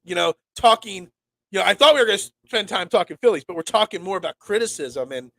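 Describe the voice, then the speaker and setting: Sick guy in his 40s from pennsylvania hosting sports talk, kinda high voice, rambly, keeps restarting. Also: lively intonation, fast talker, a bit bright. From Pennsylvania, USA. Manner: rambling, stammers and restarts, reads and answers chat. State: sick, congested. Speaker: sports talk show host.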